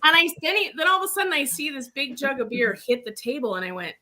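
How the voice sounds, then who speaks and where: A woman co-hosting a casual chat, telling lively stories about her readings and acting out the quotes. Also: high voice, fast talker, over a noisy crowd. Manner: lively storyteller who acts out quotes. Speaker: host and medium.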